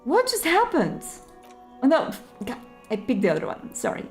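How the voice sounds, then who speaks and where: A young woman with a high voice plays through a game, reading its text aloud and thinking out loud. She is chatty and often mutters to herself between lines, with faint music in the background. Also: huge pitch swings, moderate pace. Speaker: let's play host.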